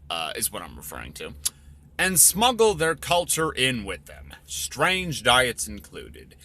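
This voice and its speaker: A man's voice: medium pitch, sharp tone. A man reading his own story aloud, with rambling, profane, offhand commentary between passages.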